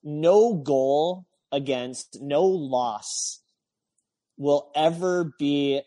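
A man's voice: a little high, extremely slow, mellow. A man talking as a guest, earnest and reflective, often restarting and repeating his words. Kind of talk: reflective conversation.

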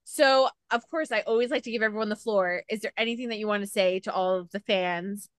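A woman's voice: medium pitch, fairly quick, no echo. Gushing woman interviewer, dry sound. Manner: gushing, effusive fan. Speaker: interviewer, host. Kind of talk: casual interview chat.

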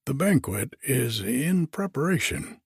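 A man reading aloud and voicing a hunted, evasive innkeeper who talks slowly and repeats himself. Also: mid-range voice, sing-song, breathy edge, no echo, studio quality, voice pushed up, full character voice. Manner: slow, hesitant and repetitive.

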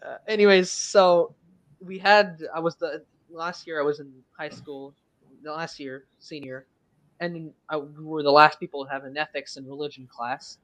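An eighteen-year-old man, a native French speaker from Quebec, chats as a guest on a stream, his voice sitting a bit high for a man. He rambles, restarting sentences and filling gaps with "uh" and "like". The sound is close and dry, with no room around it. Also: fairly even intonation, moderate pace, fairly bright tone, no echo, poor audio. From Quebec, Canada. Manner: rambling, lots of fillers and restarts. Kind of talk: casual chat.

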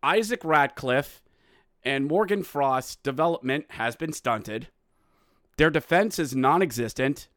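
Excitable male hockey podcast host. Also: fairly high pitch, unhurried, no echo, clean studio sound. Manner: shouts excited goal calls, then sardonic commentary. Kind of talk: solo sports podcast recap with play-by-play.

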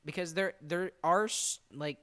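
A man's voice: fairly high pitch, a little slow, pushed and bright. A man hosting a laid-back podcast in a casual, rambling way. He sounds exasperated, and his talk is broken up by restarts and laughs. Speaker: podcast host. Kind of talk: casual chat.

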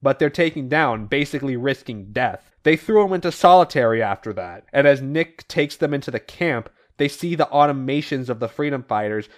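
A man co-hosting a podcast, casually retelling comic book issues with animated voiced quotes and the odd swear. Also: mid-range voice, fairly quick, few pauses. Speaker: podcast co-host recapping comics. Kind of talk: casual comic recap chat.

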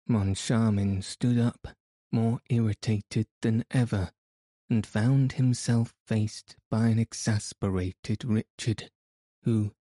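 A man reading a novel aloud in steady, deliberate scripted narration. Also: fairly low pitch, no room sound, studio quality. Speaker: audiobook narrator.

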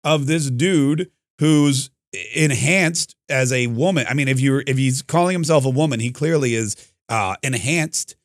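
A man's voice: medium pitch, no room sound, studio quality. A man hosting a talk radio show, giving an opinionated, combative monologue with frequent restarts. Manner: combative, restarts often, quick bursts.

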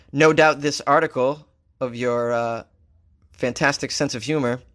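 A man hosting a comedy talk show, telling a story casually, cracking jokes and laughing at his own lines. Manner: wisecracking, laughs at his own jokes, animated shifts in pitch. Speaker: comedian podcast host.

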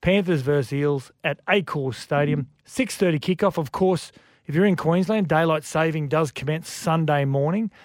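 Aussie radio bloke telling sports stories, bit higher voice, dry studio sound. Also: male voice, normal speed, dry recording. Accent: Australian. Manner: lively storyteller, acts out quotes. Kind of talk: casual sports radio chat. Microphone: studio microphone.

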